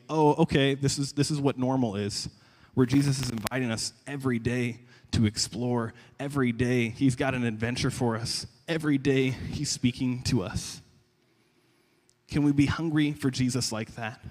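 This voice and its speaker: A young man preaching a sermon in a conversational, animated way, often stumbling and repeating words. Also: medium pitch. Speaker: pastor. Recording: long reverb of a large hall.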